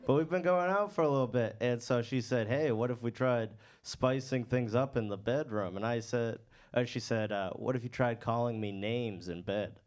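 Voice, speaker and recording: Self-deprecating man doing stand-up. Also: mid-range voice. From South Shore of Massachusetts. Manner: self-deprecating, slow hesitant delivery with restarts. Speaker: stand-up comedian. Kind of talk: stand-up set. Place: comedy club stage.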